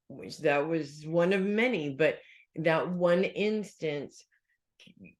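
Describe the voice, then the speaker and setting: A man in his forties, a psychic giving his weekly reading in a casual, rambling way, telling a story about himself with self-deprecating asides and restarts. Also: on the high side. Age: 40s. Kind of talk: casual spoken advice with personal anecdote.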